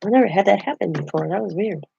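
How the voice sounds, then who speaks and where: A woman's voice: medium pitch, lively intonation, quick pace, creaky, mellow, a little hiss or hum. A grandmother in her fifties chatting casually while she crafts, laughing often and greeting viewers. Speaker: craft vlogger. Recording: dull lo-fi livestream audio.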